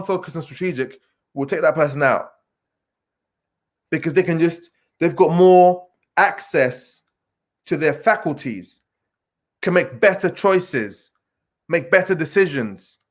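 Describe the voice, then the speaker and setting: Earnest man, fairly high voice. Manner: earnest, emphatic repetition with many pauses and fillers. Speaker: speaker addressing young people. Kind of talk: motivational talk.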